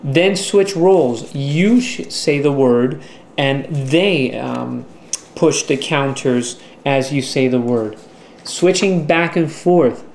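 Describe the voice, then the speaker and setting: A man talking through a teaching strategy in an instructional video, slow and deliberate, with the odd filler. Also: mid-range voice, creaky, darkish tone, a little hiss or hum. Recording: echoey room with faint ambience.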